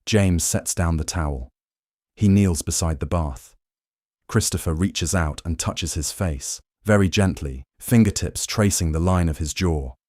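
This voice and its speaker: A man narrating a history story for sleep in a calm, slow, soothing scripted style. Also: deep voice, dry recording, clean studio sound.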